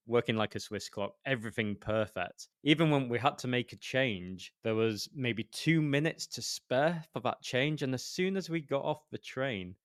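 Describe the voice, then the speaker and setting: Guy on a podcast, smooth low voice, dry close sound, keeps saying you know. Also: dry recording. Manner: enthusiastic, storytelling with many "you know" fillers. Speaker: podcast co-host. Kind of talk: casual chat.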